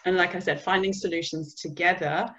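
A woman's voice: lowish voice, steady tone, a little fast, fairly bright tone, dull audio. A woman from the UK giving a conversational business communication webinar, sometimes acting out example phrases. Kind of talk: webinar presentation.

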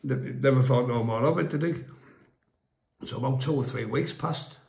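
A man's voice: medium pitch, normal speed, creaky, darkish tone, reverberant. Laughing, rambling storyteller man. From England. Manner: rambling and crude, laughing at his own tales. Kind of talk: casual chat, telling a pub story.

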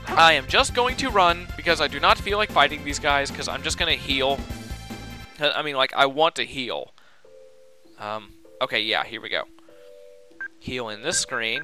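A man giving casual, chatty commentary while he plays a game, excitable and talking to himself. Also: medium pitch. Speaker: let's play host. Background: game music.

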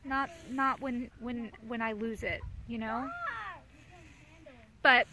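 Thirtysomething mom doing a casual live chat, high voice, chatty and candid, answering viewer comments. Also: female voice, steady tone, slow, background noise. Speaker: mother hosting a live chat.

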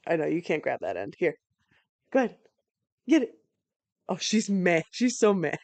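A woman's voice: fairly low pitch, sing-song, moderate pace, pauses often, a little mellow, dry recording. A woman giving casual live play-by-play commentary from home, laid-back and swearing freely between plays.

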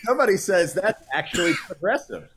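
A man's voice: high-pitched, lively intonation, brisk, background noise. A man hosting a live stream in casual chat, reading out chat comments and rambling with many fillers and restarts.

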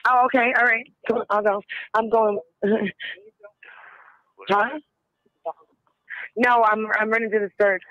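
A woman's voice: a little high, fairly even intonation, unhurried, pauses often, no room sound. A woman chatting on a phone call with her partner, teasing and cutting in often. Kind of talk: casual phone chat.

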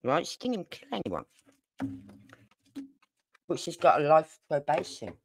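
A woman's voice: low-pitched, sing-song, measured pace, vocal fry, husky. Chatty older Brummie woman. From Birmingham, England. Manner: chatty and rambling, with exasperated asides. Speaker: true crime livestream host. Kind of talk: casual chat.

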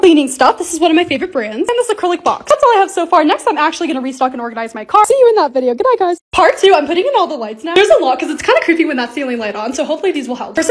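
Brief: young woman vlogger, high voice that bounces around a lot, bubbly and excitable voice-over. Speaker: lifestyle vlogger. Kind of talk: voice-over vlog narration.

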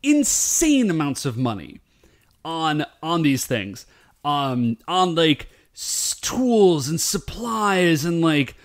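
Guy co-hosting a podcast, voice jumps all over, rambly and excited, lots of likes and ums. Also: a little high, takes it slowly. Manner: animated, rambling with many fillers. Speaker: podcast co-host. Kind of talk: casual chat.

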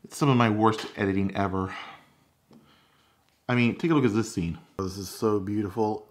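A man's voice: lowish voice, normal speed, background noise. A man hosting his own cooking channel, chatting candidly and critiquing his own recipe videos. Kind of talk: casual vlog commentary.

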